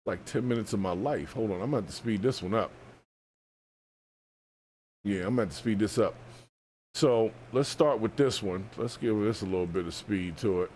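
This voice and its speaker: A man's voice: fairly low pitch, moderate pace, pauses often, a little mellow, a little hiss or hum. A man hosting a live stream, giving wry, chatty commentary as he reacts to a video clip.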